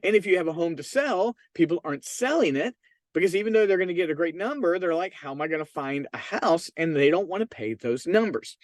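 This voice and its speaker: A man's voice: a little high, lively intonation, fairly quick, no room sound. A man hosting a solo podcast, giving emphatic, persuasive business advice straight to his listeners. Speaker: podcast host and real estate marketing consultant.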